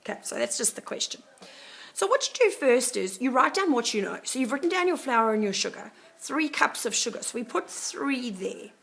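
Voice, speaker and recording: A woman with a croaky, gravelly voice walks students through a math problem. Her pitch sits a little high, and she explains each step in a chatty, casual way, checking in with "okay" as she goes. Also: big pitch swings, moderate pace, a bit bright. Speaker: math teacher.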